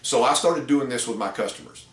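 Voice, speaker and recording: A man's voice: mid-range voice, fairly quick, a bit bright. A middle-aged man who trains car salespeople, telling a story in a casual, rambling way with fillers. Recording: roomy echo, distant mic.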